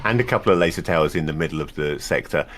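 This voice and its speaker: A man's voice: a bass voice, rapid-fire, fairly bright tone, slight background noise. A man chatting casually over a video game, advising his co-player in a wry, rambling way with frequent restarts. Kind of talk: casual gaming chat.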